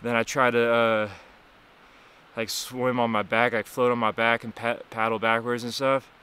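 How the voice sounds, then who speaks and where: A man's voice: medium pitch, flat delivery, normal speed, bright, forceful tone, clean tone. A young man vlogging outdoors by a river, rambling and swearing as he recounts nearly drowning, worn out and chilled. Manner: rambling, profane, shaken and weak after nearly drowning. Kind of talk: casual vlog recap. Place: outdoors by a cold river and waterfall.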